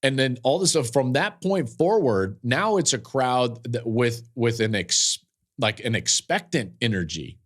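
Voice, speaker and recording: A man in his forties hosting a sports podcast, telling a game story with animated, emphatic energy and frequent restarts. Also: mid-range voice, measured pace. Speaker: podcast host and football analyst. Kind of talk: casual sports podcast talk.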